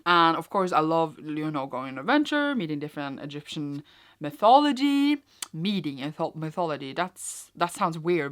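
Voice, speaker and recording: Chatty low-voiced young woman vlogger. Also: fairly bright tone. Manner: chatty, rambling, many fillers and restarts. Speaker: book vlogger. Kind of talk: casual book wrap-up vlog. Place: cold room at home.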